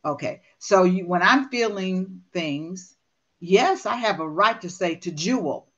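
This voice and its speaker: A woman's voice: fairly low pitch, lively intonation, a little slow, fairly bright tone, dull audio. An older woman, a motivational speaker, talking candidly and emphatically, acting out her own inner dialogue. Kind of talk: candid conversational talk.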